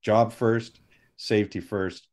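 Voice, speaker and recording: A man, a film armorer, telling stories in an interview, animated and acting out what other people said. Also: fairly low pitch, slow pace. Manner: animated anecdotes, acts out quoted people. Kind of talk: storytelling interview.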